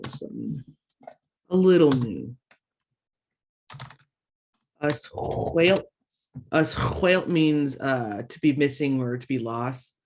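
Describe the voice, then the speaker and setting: A woman teaching a language lesson online through a computer mic, slowly repeating words for learners and adding chatty asides in between. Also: a bass voice, sing-song, darkish tone, slight background noise. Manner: slow drawn-out word repetitions for learners; chatty asides with self-teasing.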